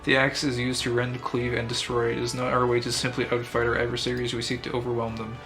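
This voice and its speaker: A man's voice: mid-range voice, monotone, fast, natural voice. A man reading the lines of a stern, battle-scarred male axe guild master in a grandiose, formal manner, over faint game music. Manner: grandiose, formal read-aloud delivery.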